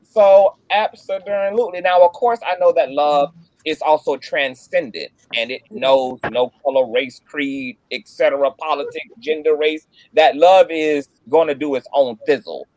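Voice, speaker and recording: Guy hosting a chat, emphatic, gets loud and passionate, dry close sound. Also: fairly high pitch, a little slow, no echo, poor audio. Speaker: host. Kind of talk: casual discussion.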